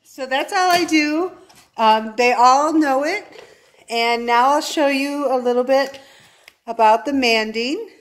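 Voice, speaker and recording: A woman with a notably high voice speaks at an unhurried, gentle pace in a casual vlog. She moves between high sing-song calls and soft, murmured praise. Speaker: dog breeder. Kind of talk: casual vlog talk to camera.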